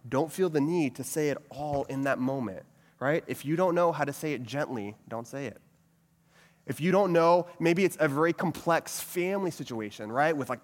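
A man giving a sermon-style teaching talk, asking many rhetorical questions and repeating a catchphrase. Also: mid-range voice. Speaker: pastor teaching a group. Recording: long reverb of a hall.

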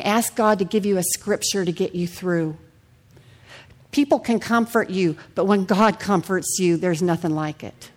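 Woman preaching personal testimony to a congregation. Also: medium pitch. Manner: personal testimony, audience questions. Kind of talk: sermon.

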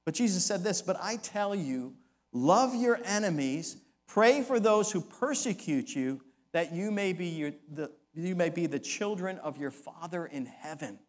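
Male pastor, high voice, dramatic sermon delivery with acted-out quotes. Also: animated, unhurried.

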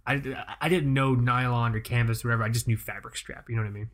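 A man's voice: mid-range voice, steady tone, quick pace, a bit bright. Rambling man telling a casual story. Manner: rambling, storytelling with many restarts. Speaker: podcast host. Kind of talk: casual chat.

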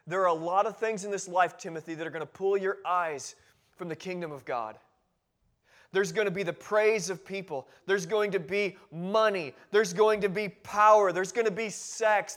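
A man's voice: high-pitched, normal speed. A male pastor preaching a sermon in a church, driving points home with short, repeated exhortations. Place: church sanctuary.

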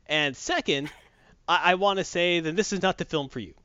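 A man casually recapping a movie plot as a reviewer, telling it with animated storytelling. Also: high-pitched, moderate pace, clean tone, no echo. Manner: animated storytelling with acted quotes. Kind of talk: casual chat. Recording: dull lo-fi dry recording.

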